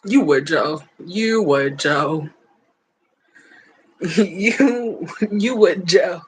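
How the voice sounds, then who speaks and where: A woman's voice: fairly low pitch, drawn-out words, husky, rough recording. A woman hosting a livestream, chatting casually with her viewers in a playful, blunt and teasing way, laughing often. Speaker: livestream host reading chat. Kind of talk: casual chat.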